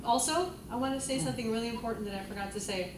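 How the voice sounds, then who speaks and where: A woman's voice: on the high side, racing, noisy background. A woman vocal coach leading a group singing class, encouraging the students and singing vowels to demonstrate. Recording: roomy, distant mic, loud music.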